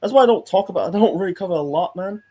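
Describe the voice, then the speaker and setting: A man's voice: high voice, expressive, very fast, darkish tone. A man hosting a casual live stream, reacting to a video with a rambling, repetitive, heated and sweary manner. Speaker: host reacting to a football video.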